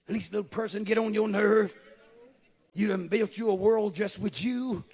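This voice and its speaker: A man preaching a sermon, moving from quiet asides to shouted scripture and calling out to his congregation. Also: high voice, moderate pace, slightly rough. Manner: calls out to the congregation.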